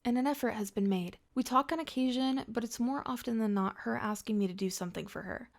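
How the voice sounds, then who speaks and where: A woman reading first-person drama stories aloud in a steady scripted narration. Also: medium pitch.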